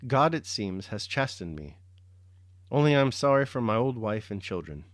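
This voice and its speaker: A man's voice: fairly low pitch, very animated, moderate pace, no room sound, clean studio sound. A man reading the lines of an old merchant convict who speaks in a sorrowful, resigned way.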